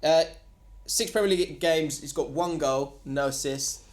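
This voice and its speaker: Chatty Cockney podcast guy. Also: a little high. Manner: chatty storyteller, quick asides and laughs. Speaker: podcast co-host. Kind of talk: casual chat.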